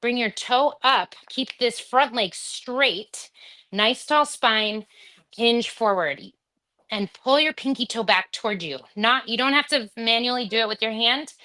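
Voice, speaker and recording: A woman's voice: a little high, a little slow, bright, forceful tone. A woman leading a live home workout class, counting reps and cueing breaths in a chatty way, with asides to her dog. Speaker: fitness instructor.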